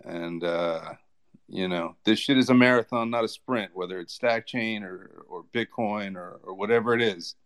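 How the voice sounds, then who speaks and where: A man with a low, resonant voice chats casually, warm in tone and swearing now and then. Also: normal speed, clean tone. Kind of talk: casual chat.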